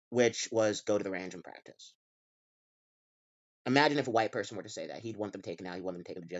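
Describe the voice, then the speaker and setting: A man's voice: medium pitch, no echo, muffled recording. A man hosting a reaction commentary, talking in an exasperated way with many restarts and repeats. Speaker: commentary channel host.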